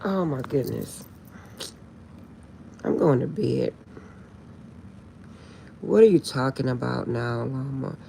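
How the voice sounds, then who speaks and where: Gravelly-voiced woman on a late night live stream, laughing a lot, keeps going "i'm serious", little hiss behind. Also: a bass voice, expressive, takes it slowly, long pauses, dark tone.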